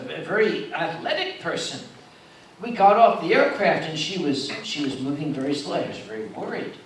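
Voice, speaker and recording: A man's voice: fairly high pitch, a little hiss or hum. A man telling dramatic stories on a convention panel, playing up each moment. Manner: dramatic, animated storyteller. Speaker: convention organizer. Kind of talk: storytelling on a panel. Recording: echoey hall from far off.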